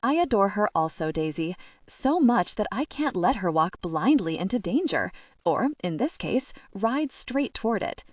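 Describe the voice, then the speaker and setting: A woman voicing a caring young married woman who speaks smoothly and measuredly. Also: mid-range voice, sing-song, moderate pace, no room sound, clean studio sound, distant mic. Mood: concerned.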